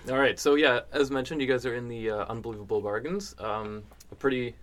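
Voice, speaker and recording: A man's voice: mid-range voice, moderate pace. Casual male radio host, filler-heavy. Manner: relaxed, hesitant with many fillers.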